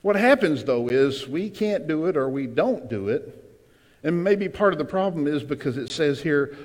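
A man preaching a sermon to his congregation as pastor, emphatic, with sudden loud cries and asides to the room. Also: on the high side, expressive, moderate pace. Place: church sanctuary. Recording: long hall reverb.

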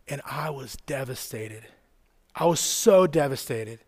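A man in his thirties preaching a sermon to a live church audience, telling personal stories casually with lots of "like" and "right?", dropping soft and quiet then rising loud and excited. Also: mid-range voice, measured pace. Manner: conversational storytelling, fillers like "like" and "right?". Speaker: youth pastor.

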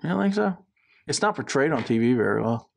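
A man's voice: medium pitch, big pitch swings, quick pace, gravelly. A man with a Southern accent co-hosting a podcast in casual chat, rambling and mixing up names. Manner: rambling, confused about names. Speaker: podcast co-host.

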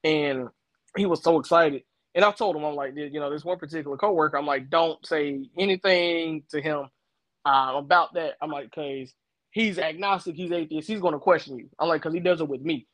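A man's voice: on the high side, fairly quick, a bit bright, dry recording. A middle-aged man co-hosting a casual faith talk, explaining with personal stories and everyday examples. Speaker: co-host.

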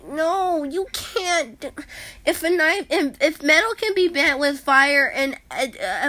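A young woman rambles through a profane movie rant. Her voice sits fairly high and sounds bright and forceful. She keeps circling back, exasperated. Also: slight background noise.

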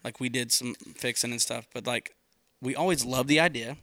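A man's voice: medium pitch, brisk, sharp tone, no echo. A man, a songwriter, casually telling how a song was written, loose and rambling, swearing freely and often saying dude. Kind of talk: casual storytelling conversation.

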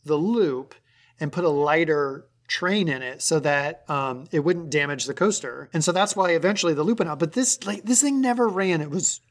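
A woman co-hosting a podcast in casual chat, telling stories animatedly. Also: normal speed. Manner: animated storyteller, jumps high on excited lines. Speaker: podcast co-host.

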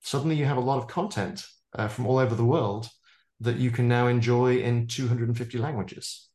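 A man's voice: mid-range voice, fairly even intonation, a little fast, darkish tone. Man futurist in a roomy echo. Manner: expansive, piles up examples, jokes about his own pronunciation. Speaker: futurist guest. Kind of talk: casual interview talk.

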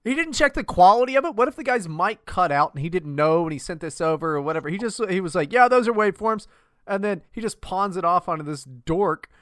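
A man's voice: high voice, quick pace, few pauses, no echo, clean studio sound. A man co-hosting a podcast, chatting casually and mocking things with lots of swearing. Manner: profane, mocking, animated. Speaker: podcast co-host. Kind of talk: casual chat.

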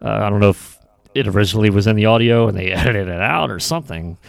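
Gravelly low-voiced podcast man. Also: quick pace, dry recording. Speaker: podcast co-host. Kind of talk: casual chat.

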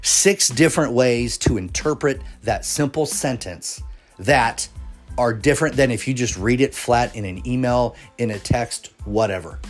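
Male solo podcast host, mid pitch, earnest and rambling, lots of restarts, faint music bed. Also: a little slow. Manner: earnest, rambling, frequent restarts and rhetorical questions. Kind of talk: casual solo podcast monologue.

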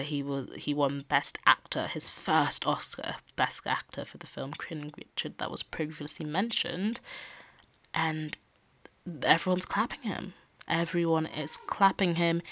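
Young woman chatting on her podcast, low voice, animated, dry close sound. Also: no room sound. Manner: animated, acts out quoted people. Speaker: podcast host. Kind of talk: casual opinion talk.

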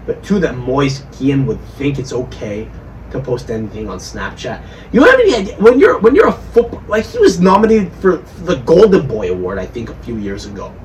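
A man hosting a podcast, drunk, rambling and swearing as he riffs in casual chat. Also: medium pitch. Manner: rambling, profane, riffing. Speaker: podcast host. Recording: distant mic with faint background noise.

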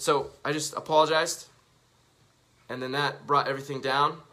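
A man's voice: a little high, steady tone, moderate pace, bright, forceful tone. A man telling a casual, profane, self-mocking story to the camera while reading out tweets. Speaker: vlogger.

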